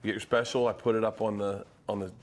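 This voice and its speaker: A man who is a stand-up comedian, telling stories in casual chat and jumping his voice high to act out the people he quotes. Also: fast. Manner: excitable storyteller, swings high to act out quotes.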